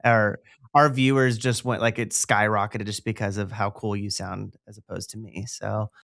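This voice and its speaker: A man's voice: lowish voice, level tone, normal speed, gravelly, fairly bright tone, dry recording, clean studio sound. A man hosting a podcast, enthusiastic and rambling in a casual interview. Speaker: podcast host.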